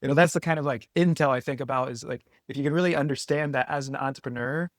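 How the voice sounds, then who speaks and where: A man's voice: medium pitch, quick pace, no echo, studio quality. A man hosting a podcast, talking in a loose, rambling way with lots of "like" fillers and restarts. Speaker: podcast host. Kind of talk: casual interview chat.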